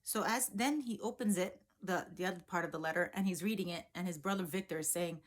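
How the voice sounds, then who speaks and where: Chatty, animated woman coach. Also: lowish voice, fast, few pauses. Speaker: law of assumption coach. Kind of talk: casual storytelling vlog.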